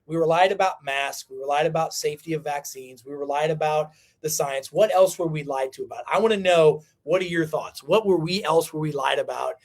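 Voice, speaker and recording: Fired-up guy w a high voice preaching to his livestream crowd, repeats stuff for punch. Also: fairly quick, hardly any pauses. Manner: fiery, preachy, repeats lines for emphasis. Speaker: livestream host. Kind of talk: impassioned livestream monologue.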